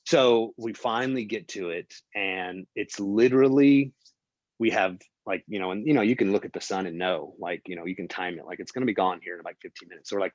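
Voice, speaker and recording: A man's voice: sits low, brisk, no room sound, muffled recording. A man, a film producer, telling a behind-the-scenes story as an interview guest, acting out what people said, with lots of fillers and restarts. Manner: animated storyteller, acts out quotes, many fillers and restarts.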